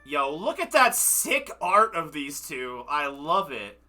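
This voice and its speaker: A man's voice: on the high side, sing-song, slow, bright, forceful tone, soft background music. A young man livestreaming, chatting casually and ramblingly about a game he just finished, sounding tired and self-deprecating. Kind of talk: casual chat wrapping up a game stream.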